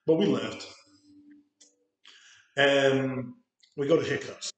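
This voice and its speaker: A man hosts a podcast, spinning a rambling, cuss-filled anecdote and slipping into voices for the people in it. His pitch sits in the middle for a man. The sound is very echoey and roomy. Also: slow. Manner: profane, rambling anecdote with acted quotes. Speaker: podcast host. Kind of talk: casual storytelling. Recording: very echoey room.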